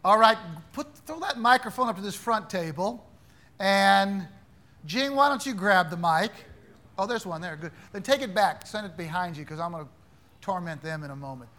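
A man's voice: high-pitched, expressive, moderate pace, sharp tone. A man teaching an interactive Bible class, quizzing his students in a playful, teasing way.

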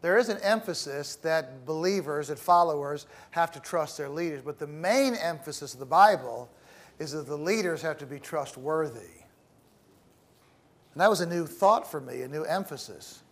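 A middle-aged man giving a classroom lecture, speaking in a measured, deliberate way with pauses and the odd repeated word. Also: fairly high pitch, animated. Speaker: teacher.

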